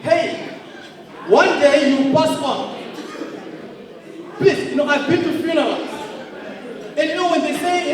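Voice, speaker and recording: A man giving a motivational speech at an awards event, emphatic and often shouting. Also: extremely high pitch, takes it slowly, pauses often, a crowd in the background. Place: large indoor hall. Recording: echoey hall from far off.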